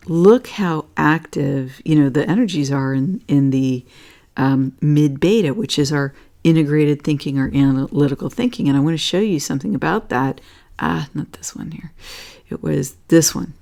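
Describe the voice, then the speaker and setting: A deep, warm-toned woman hosts an astrology and energy talk, a casual spiritual chat over charts. She rambles with many fillers and keeps asking "okay?", speaking earnestly and becoming emotional.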